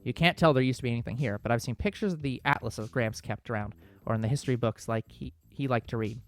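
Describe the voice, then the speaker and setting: A man hosting a let's play, reading a visual novel's narration aloud with small slips. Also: medium pitch. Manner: quick, steady storybook reading with small slips.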